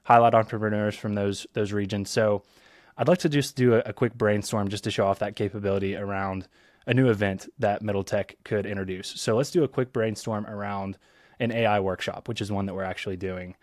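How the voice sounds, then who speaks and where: Low-voiced kentucky guy hosting a podcast, relaxed, lots of ums, dry sound. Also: a little fast, no echo. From Eastern Kentucky. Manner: relaxed, many ums and restarts. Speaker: podcast host. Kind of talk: casual podcast chat.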